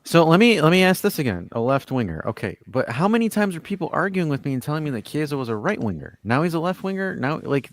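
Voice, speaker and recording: A man's voice: on the high side, very animated, quick pace, few pauses, dry recording. A man hosting a casual call-in sports podcast, reading viewer comments and arguing his point with lots of stammered restarts. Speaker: host.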